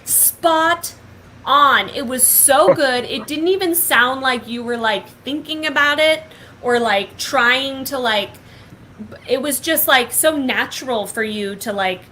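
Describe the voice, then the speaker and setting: A woman's voice: high voice, takes it slowly, bright, forceful tone, a little hiss or hum, poor audio. A young woman hosting a casual online show, gushing and upbeat, with lots of filler words. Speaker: host. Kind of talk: casual chat.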